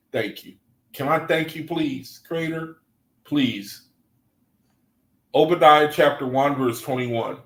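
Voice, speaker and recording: A man reading aloud to a study group and commenting, excitable and gushing with exclamations. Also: mid-range voice, reverberant, rough recording.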